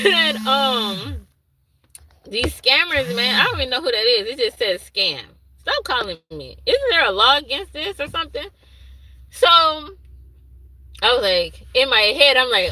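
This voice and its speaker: A woman who works as an infant daycare teacher, casually telling a story to the camera, animated and laughing, acting out what she said to the babies. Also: high voice, moderate pace, a little hiss or hum, rough recording. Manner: animated, laughing, acts out her own asides in dialect.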